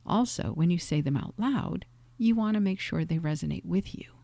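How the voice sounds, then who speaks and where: Woman coach, low gravelly voice, dry close sound, calm half-whispered teaching. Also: moderate pace, no room sound. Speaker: life coach. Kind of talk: soft-spoken teaching monologue.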